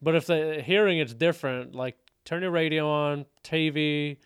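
A young man with a Midwestern American accent, co-hosting a podcast in relaxed casual chat, giving short reactions and advice. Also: on the high side, normal speed, clean tone, no room sound. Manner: laid-back, offers short reactions and advice. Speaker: podcast co-host.

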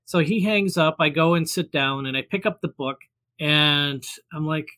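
A man's voice: a little high, moderate pace, sharp tone. A man telling a personal story in casual chat, rambling with many fillers and restarts and acting out the voices he quotes. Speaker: guest storyteller. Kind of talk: casual anecdote.

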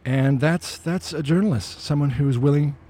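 A man's voice: on the high side, normal speed, dark tone, husky. A man giving an emphatic, opinionated commentary monologue, with sarcastic asides. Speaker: vlogger.

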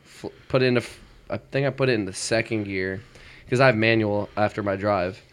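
A man's voice: on the low side, brisk, smooth. A young man in casual chat, rambling and correcting himself as he tells a story.

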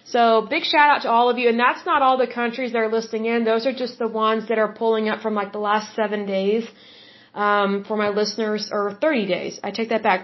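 A middle-aged woman hosts her own podcast in a chatty, emphatic way, often circling back to repeat a point. Her voice sits a little high for a woman. The sound is dull and lo-fi. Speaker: podcast host. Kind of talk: casual solo podcast monologue.

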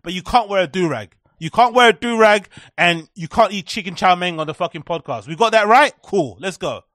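High-voiced sarcastic man ranting. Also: expressive, a little fast, fairly bright tone, dry recording, studio quality. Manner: sarcastic, mocking, repetitive. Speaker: live-stream commentary host. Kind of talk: profane ranting commentary.

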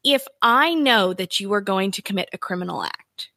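A woman with a lawyer's background, chatting casually as a podcast co-host, animated and quick to laugh. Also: medium pitch, vocal fry, no room sound, clean studio sound. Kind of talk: casual chat.

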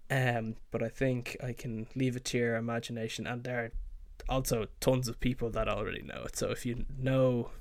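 A man's voice: medium pitch, flat delivery, moderate pace, few pauses, dry recording. A man hosting his own podcast, rambling casually with lots of fillers and swearing. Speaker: podcast host. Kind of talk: casual solo podcast chat.

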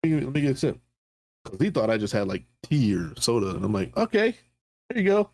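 A man's voice: fairly low pitch, expressive, fast talker, warm tone. A middle-aged military veteran co-hosting a podcast, telling stories in casual, profane chat and often laughing at his own punchlines.

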